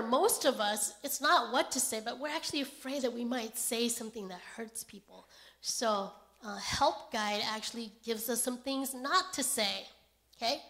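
A woman delivers a sermon at a slow, deliberate pace. Her voice sits somewhat high. She speaks gently and keeps checking in with her listeners. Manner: gentle, unhurried, pauses often with "okay?". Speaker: pastor.

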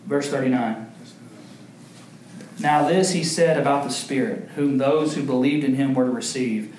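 A young adult man preaching a sermon as pastor, earnest and emphatic, telling stories with lively acted quotes. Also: normal speed. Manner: animated storytelling with acted quotes, big pitch jumps. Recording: echoey room with faint ambient noise.

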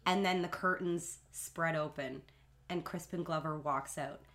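A woman's voice: low voice, fairly even intonation, unhurried, a bit bright. A young woman hosting a podcast, telling a long story in casual chat with lots of fillers. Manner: rambling storytelling with many fillers.

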